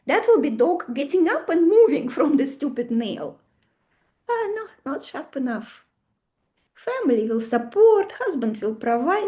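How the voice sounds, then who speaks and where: A woman leads a live astrology lesson, quizzing her class and acting out little stories. Her voice sits high, with a soft, mellow tone. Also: measured pace. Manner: animated, asks the class questions, acts out stories. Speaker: astrology teacher.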